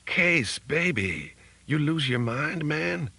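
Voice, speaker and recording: A man voicing an artificial intelligence that speaks through a languid pimp, in a slow, drawling, teasing way. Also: a little high, animated, creaky, pushed and bright, husky, no echo, voice pushed up, full character voice. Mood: mocking drawl.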